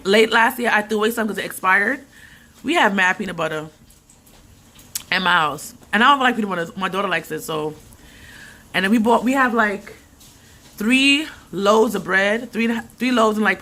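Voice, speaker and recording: A woman, chatting and ranting animatedly in a casual vlog. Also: mid-range voice. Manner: animated, ranting, laughs often. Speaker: vlogger. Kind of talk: casual rambling vlog chat.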